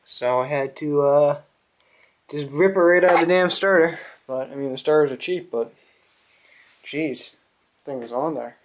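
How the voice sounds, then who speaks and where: A man's voice: a little high, normal speed, pauses often, noisy background. A man with a New England accent chatting casually in his garage workshop, rambling and swearing, with lots of fillers. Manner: rambling, profane, with many fillers. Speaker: small engine repair vlogger.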